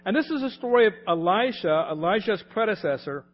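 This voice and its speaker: A man's voice: high voice, expressive, fairly quick, dull audio. A man in his late forties or older preaching a sermon in a conversational, anecdotal way, often laughing as he talks. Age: late 40s or older. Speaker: pastor.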